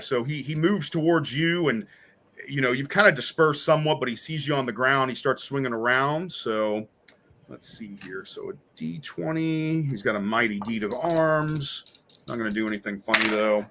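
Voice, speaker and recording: A man's voice: mid-range voice, normal speed, background noise. A man running a tabletop role-playing game as game master. He talks in a loose, chatty way, with fillers, and he laughs easily.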